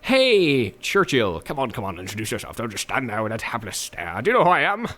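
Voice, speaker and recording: A man's voice: mid-range voice, wildly swooping pitch, a little fast, a bit bright. A man voicing a brash, boastful man who pushily demands to be introduced, in a showy, pushy way.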